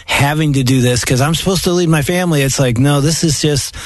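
A man's voice: a little high, brisk, no echo, studio quality. A man co-hosting a faith and parenting podcast, speaking earnestly in a preacherly way. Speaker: co-host. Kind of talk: casual podcast chat.

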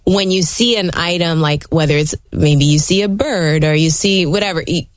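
A woman chatting on a faith and parenting podcast, warmly animated and quick to laugh. Her voice sits a little low, and the recording is dry and close. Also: dry recording. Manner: animated storyteller, laughs often. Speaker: guest. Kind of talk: casual podcast chat.

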